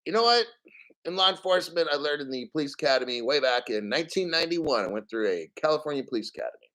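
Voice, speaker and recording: Crypto stream host, a man in his fifties, slightly high voice, swears freely and rants with sarcasm. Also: animated, fast talker, a bit bright, low-quality recording. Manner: profane, ranting, sarcastic. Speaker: crypto news show host. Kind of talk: livestream news commentary.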